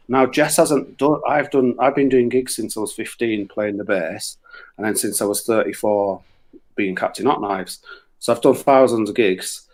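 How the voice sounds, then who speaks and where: A man's voice: fairly low pitch, moderate pace. Yorkshire guy, middle-aged, swearing his way thru a funny gig story, super casual. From Yorkshire, England. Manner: crude, swearing, animated anecdotes with put-on voices. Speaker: musician telling stories on a radio show.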